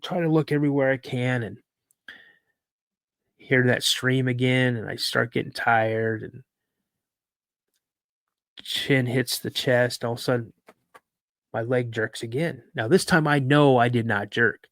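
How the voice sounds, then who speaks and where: Male podcast guest, lively storyteller, mid-pitched, dry close mic. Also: unhurried, pauses often, dry recording. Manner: lively storyteller, repeats words for emphasis. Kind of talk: recounting a personal encounter story.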